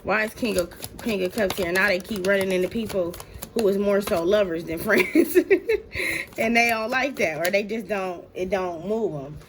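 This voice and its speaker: A woman's voice: medium pitch, moderate pace, background noise. Blunt, profane woman giving a tarot reading. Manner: blunt and profane, laughs often; slangy, talks straight to "y'all". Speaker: tarot reader. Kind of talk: casual tarot reading to viewers.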